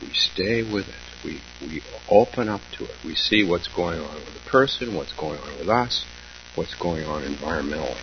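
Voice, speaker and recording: Over a dull, lo-fi recording with a slight hum, a Zen teacher delivers a dharma talk in a very deep voice. His intonation is lively, though his pace stays slow, halting and reflective, broken by pauses and quiet laughs.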